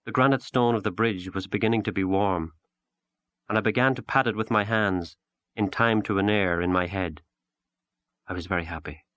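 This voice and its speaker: A man with a somewhat low voice narrates a literary short story at a measured, unhurried pace. The recording is close and dry, with no room sound around him. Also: fairly bright tone, no echo. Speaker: audiobook narrator.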